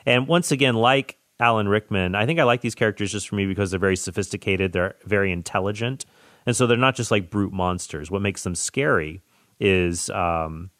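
A man hosting a podcast, chatting about movies in an enthusiastic, rambling way with excited tangents. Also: deep voice, no room sound, clean studio sound. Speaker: podcast host. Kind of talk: casual movie chat.

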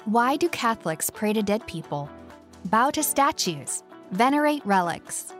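A woman's voice: fairly high pitch, big pitch swings, unhurried. A woman giving a polished, upbeat read of a book advertisement. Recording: music bed behind voice.

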